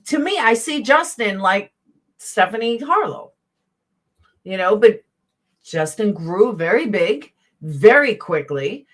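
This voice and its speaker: Speaking slowly in a sing-song, medium-pitched voice, a Southern woman hosts a YouTube stream and delivers a blunt, profane, heated rant to her live chat in casual commentary style.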